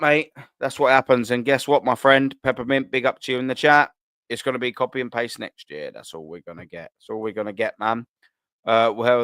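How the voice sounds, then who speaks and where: Young guy, live-stream host, smooth dry close voice, slangy, repeats himself, swears. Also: lowish voice, fairly bright tone, dry recording. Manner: slangy and repetitive, swears, loops back on phrases. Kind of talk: casual live-stream chat.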